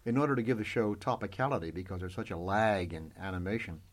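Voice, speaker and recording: A man who performs voices, telling animated anecdotes as an interview guest and laughing often. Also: sits low, quick pace.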